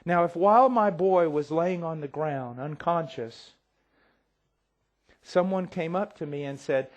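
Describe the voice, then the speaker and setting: A middle-aged man preaching a sermon, swinging from quiet intensity to near-shouting and acting out voices as he tells a story. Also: a little high, measured pace, lo-fi sound. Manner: acts out quoted voices.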